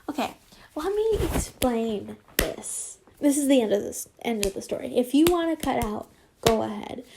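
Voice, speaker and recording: A woman reads fan fiction aloud in a high voice and keeps breaking off into casual asides. She swears freely and speaks at an unhurried pace. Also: noisy background.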